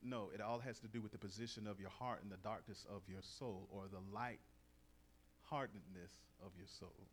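A middle-aged man preaching a sermon in a lively, conversational way, reading verses and telling stories. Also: fairly low pitch, normal speed, slight background noise. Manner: lively, conversational, acts out quoted voices.

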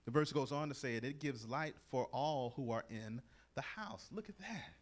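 A middle-aged man preaching a sermon in a lively, conversational way, reading verses and telling stories. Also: medium pitch, normal speed. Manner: lively, conversational, acts out quoted voices.

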